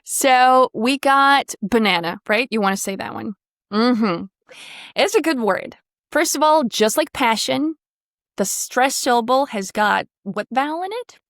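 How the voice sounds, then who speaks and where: A woman coaching pronunciation on a video call, demonstrating sounds and drifting into vocal fry at phrase ends. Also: on the high side, lively intonation, unhurried, a bit bright, dry recording, clean studio sound. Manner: encouraging, demonstrative, drills sounds. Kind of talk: online one-on-one pronunciation lesson.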